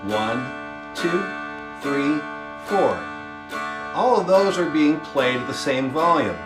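A man's voice: on the high side, animated. A man teaching a beginner music lesson, counting beats patiently and explaining time signatures. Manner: slow, patient counting along while strumming. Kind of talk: instructional lesson with demonstrations. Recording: roomy sound with instrument playing.

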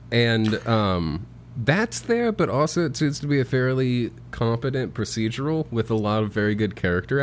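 Male co-host, mid-pitched, dry and wisecracking in casual chat. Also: slight background noise. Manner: dry, joking asides. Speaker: podcast co-host. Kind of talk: casual chat about TV shows.

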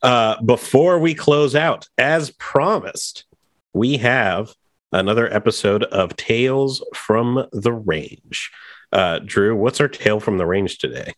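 A man's voice: medium pitch, takes it slowly, no room sound, studio quality. A man hosting a podcast in casual chat, joking and bantering with his co-host.

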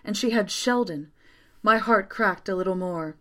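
A woman narrating a first-person story aloud in a quiet, steady way. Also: medium pitch, normal speed.

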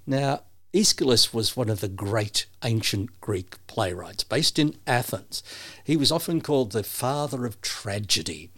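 A man's voice: mid-range voice, expressive, measured pace, fairly bright tone. A man co-hosting a casual chat, playful and teasing as he muses aloud. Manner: playful, musing, teasing skeptic. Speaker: podcast co-host.

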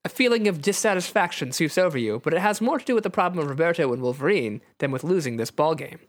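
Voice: mid-range voice, lively intonation, quick pace, no room sound. A podcast host reading a kids' adventure book aloud for laughs, wry and often laughing. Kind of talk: casual comedy podcast chat.

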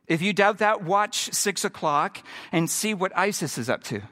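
A middle-aged man delivers a sermon from the pulpit. His slightly raised voice is bright and forceful. He builds to emphatic peaks, then drops to a hushed tone. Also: high-pitched, expressive, normal speed. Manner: dynamic preaching, swinging from emphatic to hushed. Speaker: pastor.

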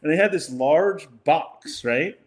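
An older man tells a rambling anecdote in casual conversation, speaking slowly in a slightly high voice. He laughs often and acts out what other people said.

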